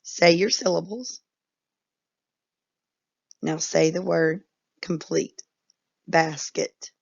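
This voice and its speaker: A woman teacher leads a patient, unhurried phonics lesson for young children, stretching each word out. Her voice is a little low and has a gravelly edge. The recording sounds dull and lo-fi. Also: darkish tone. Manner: patient, instructive, drawn-out words.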